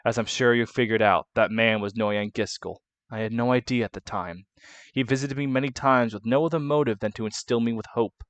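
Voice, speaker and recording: Man reads a woman consort telling her past; soft, subdued. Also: mid-range voice, steady tone, a little fast, no echo, close to an everyday voice. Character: woman consort recalling her hard youth.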